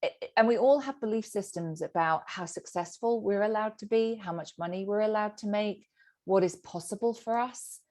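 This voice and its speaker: A woman's voice: mid-range voice, moderate pace. A middle-aged woman, a sobriety coach teaching a group session and acting out the inner voice. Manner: animated, acts out inner voices.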